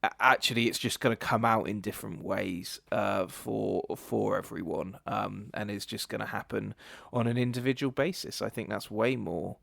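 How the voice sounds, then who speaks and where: A man's voice: on the low side, steady tone, normal speed, vocal fry, fairly bright tone, no echo, clean studio sound. A man co-hosting a podcast, rambling hesitantly with restarts about a film. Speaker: podcast co-host. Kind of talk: casual film review chat.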